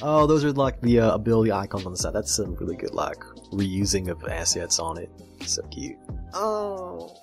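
Male creator, animated fan commentary, very expressive pitch, faint background music. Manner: animated and gushing, swears freely, mimics characters. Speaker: video creator reviewing a game comic. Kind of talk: excited casual commentary.

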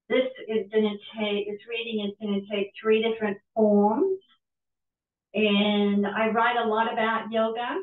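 A middle-aged woman with a Pittsburgh accent speaks gently and invitingly, leading an audience through a yoga practice. She is picked up from a distance in an echoey hall, and the sound is thin and tinny. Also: medium pitch. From Britain. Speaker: yoga teacher and author. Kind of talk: guided yoga practice at a reading.

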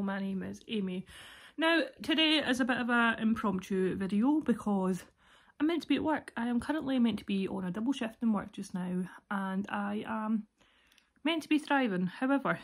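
Chatty young Scottish woman, unwell. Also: medium pitch. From Scotland. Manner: chatty, rambling, candid, with many fillers. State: ill, sore throat and cough. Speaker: vlogger. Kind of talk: casual vlog chat to camera.

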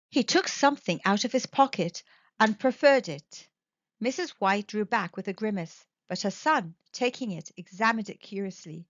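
A woman narrating a classic story clearly and expressively for English learners. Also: mid-range voice, moderate pace, no room sound. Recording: dull dry recording.

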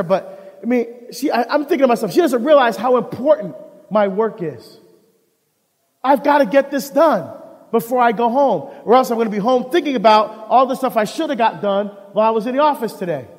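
A deacon giving a live talk on marriage to an audience, telling animated stories and acting out the dialogue. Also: male voice, very high-pitched. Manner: animated storyteller who acts out dialogue. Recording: long hall reverb.

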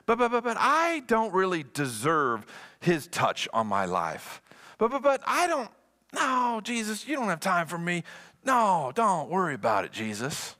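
Preacher doing a nervous churchgoer, stammering, pleading, a bit higher. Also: male voice, huge pitch swings, measured pace, pushed and bright, heavily acted. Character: self-doubting churchgoer, protesting unworthiness.

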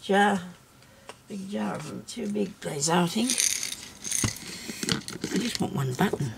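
A woman hosting a casual craft tutorial, chatting and thinking aloud as she works, with soft laughs to herself. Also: mid-range voice, lively intonation, a little slow, gravelly, heavy background noise. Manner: rambling, chatty, thinks aloud while working.

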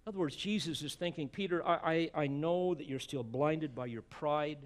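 A man's voice: a little high, normal speed. A man preaching an expository sermon as pastor, emphatic, with rhetorical asides and repeated words as he presses a point.

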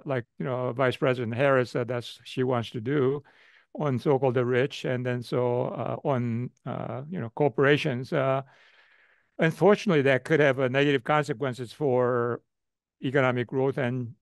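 A man's voice: mid-range voice, fairly even intonation, a little slow, dry recording. An older man, an economist, answering a question in a webinar, with lots of "uh" and "you know" fillers and repeated phrases. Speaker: economist guest speaker.

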